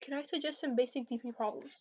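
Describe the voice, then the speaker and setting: Young woman, high voice, casual livestream coding Q&A, hesitant and filler-heavy, slightly dull lo-fi audio. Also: steady tone, quick pace. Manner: hesitant, filler-heavy, answers chat questions. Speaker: competitive programming streamer.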